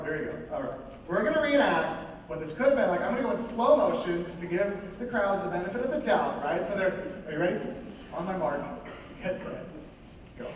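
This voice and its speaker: A man preaching a sermon to a congregation in a conversational, animated way, often asking the listeners questions. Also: high-pitched. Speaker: pastor. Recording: echoey hall, voice from a distance, background noise.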